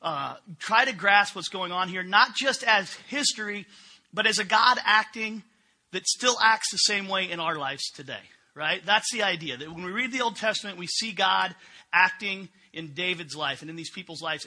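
Bright-voiced man preaching casually. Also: high-pitched, moderate pace. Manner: conversational, asks the congregation questions. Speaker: pastor. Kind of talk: sermon.

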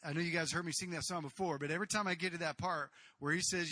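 Animated, bright-voiced male preacher. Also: a little high, fast talker, no room sound. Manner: animated storytelling with shouted acted outbursts; casual, conversational preaching with asides to the congregation. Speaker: pastor. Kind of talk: sermon.

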